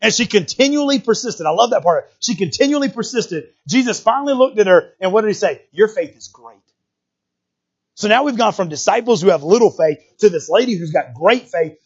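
A man's voice: high-pitched, slightly rough, highs cut off. A man preaching a sermon in a conversational way, full of rhetorical questions and repeated words.

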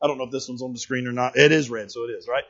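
A man preaching a sermon, animated and playful, acting out characters and rising to shouts. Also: mid-range voice, very fast, dull audio. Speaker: pastor.

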